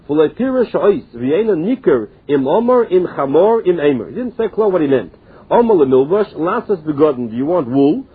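High, breathy male Talmud teacher, chanting and translating text. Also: narrow, tinny audio. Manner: sing-song study chant mixing languages.

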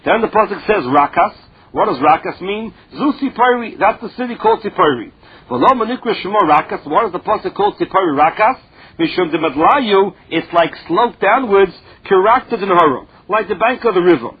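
Male Talmud teacher, reads then translates phrase by phrase, high husky voice, muffled lo-fi recording. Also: animated, fairly quick. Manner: reads a phrase then explains it in plain words. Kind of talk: Talmud lesson, reading and translating. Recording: dull lo-fi recording.

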